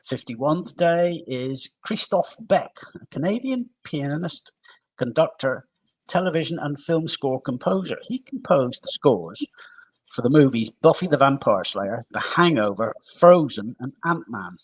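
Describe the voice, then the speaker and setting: Husky man reading a music news list. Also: mid-range voice, measured pace, rough recording. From United Kingdom. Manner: steady list-reading with small asides. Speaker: live stream co-host. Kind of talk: reading a list of deaths and birthdays.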